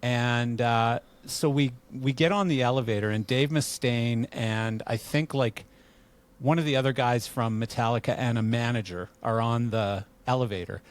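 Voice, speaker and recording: Middle-aged male host, mid-pitched, easygoing storyteller who laughs as he talks. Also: normal speed. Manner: relaxed, laughing, acts out quoted lines. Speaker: podcast host. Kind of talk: casual storytelling interview.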